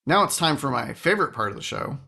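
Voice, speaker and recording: A man's voice: medium pitch, animated, fast talker, vocal fry. A man hosting a solo podcast, chatting in a wry, rambling way with frequent asides. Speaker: podcast host.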